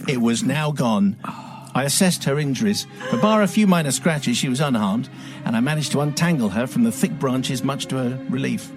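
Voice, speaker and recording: A man hosting a radio show, reading a listener's letter aloud with wry, dramatic storytelling. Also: medium pitch. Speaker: radio host.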